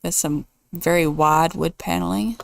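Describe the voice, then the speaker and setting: A woman's voice: fairly low pitch, steady tone, unhurried, vocal fry, no echo, studio quality. A woman hosting a casual let's play, thinking aloud and weighing choices as she builds. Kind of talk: casual gameplay commentary.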